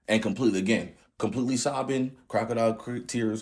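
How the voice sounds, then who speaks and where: A man in his thirties recounts a painful family memory in a candid, conversational way. His voice sits low and carries a husky edge. He talks in loose slang, as if to friends. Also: brisk, hardly any pauses. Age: 30s. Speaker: channel host. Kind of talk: storytelling vlog.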